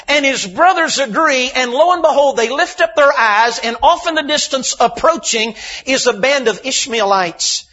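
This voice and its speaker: Man preaching, sharp bright tone, emphatic delivery, muffled lo-fi sound. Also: high voice, husky. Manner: emphatic preaching that swings from loud to hushed. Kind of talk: sermon.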